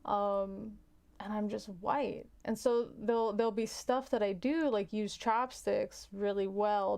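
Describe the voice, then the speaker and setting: A woman's voice: mid-range voice, fairly even intonation, a little slow, vocal fry, a little mellow, clean tone. A woman hosting a casual livestream, chatting frankly with viewers and often restarting her sentences. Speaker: livestream host.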